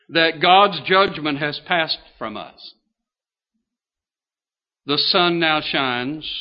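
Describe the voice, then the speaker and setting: Slow-speaking older male preacher. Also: fairly high pitch. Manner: folksy, asks the congregation questions. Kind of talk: sermon. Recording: dull lo-fi sound.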